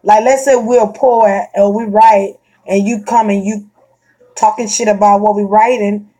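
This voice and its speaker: A woman chatting casually and bluntly, swearing freely, laughing often and getting animated. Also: mid-range voice, unhurried. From Florida. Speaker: vlogger chatting to a friend. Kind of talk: casual chat.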